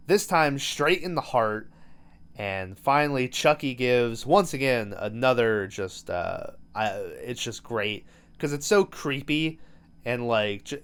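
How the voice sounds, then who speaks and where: A man talks through a movie plot in a casual podcast chat, swearing freely and filling gaps with "uh" and "like". His voice sits at a middle pitch and comes across smooth and clear. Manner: loose, profane storytelling with many fillers. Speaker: podcast host.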